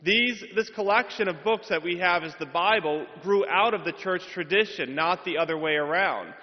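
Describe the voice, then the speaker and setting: A man's voice: high-pitched, normal speed. A male priest giving a homily, telling a humorous, self-deprecating story in a church. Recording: reverberant hall, dull sound.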